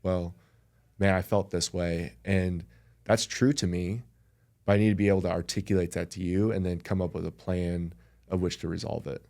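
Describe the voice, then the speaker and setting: Male guest, very low voice, earnest reflective chat. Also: flat delivery, normal speed, vocal fry, darkish tone. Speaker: podcast guest. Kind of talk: casual conversation.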